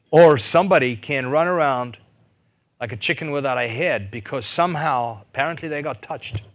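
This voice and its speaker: A man preaching a sermon, animated, rising to loud fervent peaks and asking his listeners questions. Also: mid-range voice, measured pace, pauses often. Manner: asks the audience questions and jokes.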